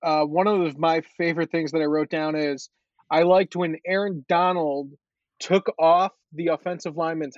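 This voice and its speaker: A man hosting a casual sports podcast, animated and chatty with lots of fillers. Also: fairly high pitch, no room sound, lo-fi sound.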